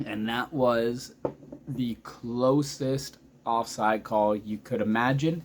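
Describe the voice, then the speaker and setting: A man in his thirties giving a casual, excitable recap of a hockey game as a vlogger, chatty and often losing his thread. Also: medium pitch, slow, slight background noise. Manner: excitable, chatty, loses track mid-sentence.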